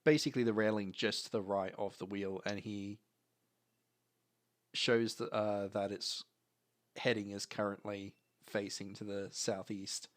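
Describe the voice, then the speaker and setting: Male game master, low, unhurried narration. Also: flat delivery.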